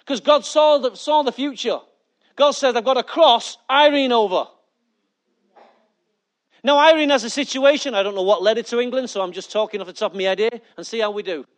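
A male pastor, preaching a sermon with lively rhetorical questions and jokey asides to his church. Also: extremely high pitch, brisk.

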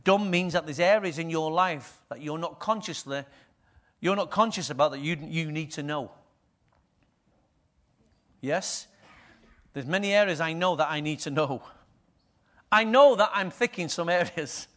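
A man's voice: fairly high pitch, measured pace, pauses often, a bit bright. A middle-aged man, preaching a conversational sermon and often asking the congregation questions. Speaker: pastor.

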